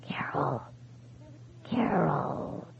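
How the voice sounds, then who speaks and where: A narrator voicing a dead husband's faint, whispery, vibrating voice on a telephone, slow and fading. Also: mid-range voice, vocal fry, breathy edge, heavily acted. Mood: eerie whisper. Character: ghostly dead husband whispering over a phone. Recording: tinny phone-like sound.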